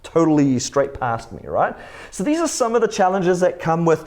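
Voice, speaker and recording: A man's voice: on the high side, big pitch swings, moderate pace, darkish tone. A middle-aged man co-hosting a casual church conversation, telling personal anecdotes and chuckling as he talks. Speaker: church podcast co-host.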